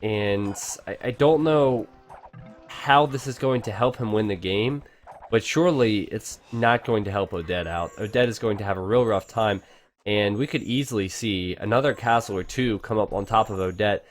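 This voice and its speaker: A man giving casual, excitable commentary on a strategy game match, chatting to his viewers. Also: lowish voice, moderate pace. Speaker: game caster.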